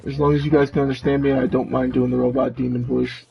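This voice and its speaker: Gravelly man through a demon voice changer. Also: medium pitch, level tone, fast, muffled recording, a little hiss or hum. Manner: chatty, narrating his building to chat. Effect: demon robot voice changer. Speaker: streamer. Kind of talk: live gameplay commentary. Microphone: mic pulled back from face.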